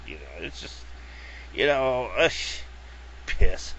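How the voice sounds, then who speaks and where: A man's voice: mid-range voice, wildly swooping pitch, takes it slowly, pauses often, a bit bright, muffled recording. A man ranting casually to camera in a rambling, profane way, full of fillers and acted-out quotes. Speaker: video blogger.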